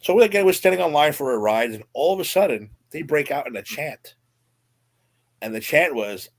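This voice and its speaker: A man's voice: mid-range voice, expressive, fairly quick. A man co-hosting a podcast, telling a story in casual, profane chat and muttering the quoted lines. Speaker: podcast co-host.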